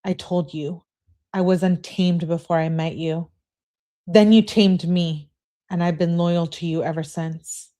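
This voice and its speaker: A woman's voice: lowish voice, steady tone, measured pace, mellow, natural voice. A woman reading out the lines of a submissive young woman who pleads and apologizes. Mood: confessing.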